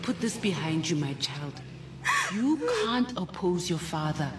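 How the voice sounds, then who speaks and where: A woman's voice: low-pitched, animated, a little slow, heavy background noise. A woman playing a worried, soothing mother with a South African accent, pleading and consoling. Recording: distant mic, faint music.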